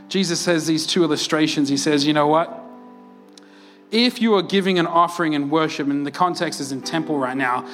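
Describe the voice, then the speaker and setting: A male pastor preaching a sermon to his church, animated, with rhetorical questions and frequent laughter. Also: high-pitched.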